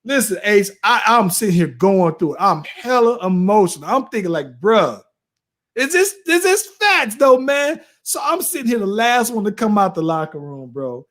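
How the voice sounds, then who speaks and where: A man in his late thirties, co-hosting a podcast and telling a story in an animated, slangy way, often tossing in "bro" and "right?". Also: sits high, moderate pace. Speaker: podcast co-host. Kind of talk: casual storytelling chat.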